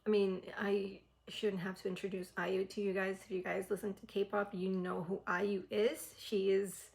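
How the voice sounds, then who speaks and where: Woman, reaction-channel host, creaky voice, excitable and rambling. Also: mid-range voice, normal speed, low-quality recording. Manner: excitable and chatty, heavy on "like". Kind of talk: casual reaction vlog.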